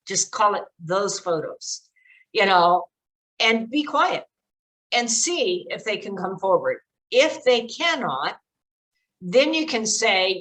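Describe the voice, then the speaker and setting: A woman's voice: mid-range voice, big pitch swings, slow, a bit bright, poor audio. An older woman giving earnest, direct advice to parents in a presentation, with frequent fillers. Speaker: speaker on child exploitation prevention.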